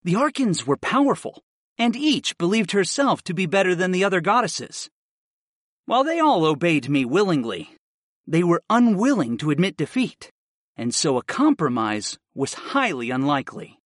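Man, first-person audiobook narration, lively intonation, fairly high voice, dry close sound. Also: moderate pace, dry recording.

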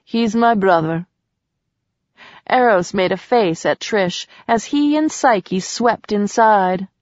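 A woman reading an audiobook as narrator, in a measured way, in a slightly muffled recording. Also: medium pitch, expressive, darkish tone, no echo. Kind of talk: scripted narration.

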